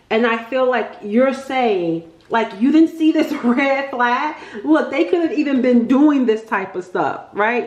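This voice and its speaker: Chatty, excitable woman reading tarot. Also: on the high side. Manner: chatty, excitable, thinks aloud, often laughs. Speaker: tarot reader. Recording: echoey room.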